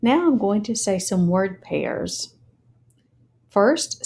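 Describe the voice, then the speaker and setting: A woman teaching a phonics lesson, speaking slowly and deliberately and spelling words out letter by letter. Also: mid-range voice, mellow.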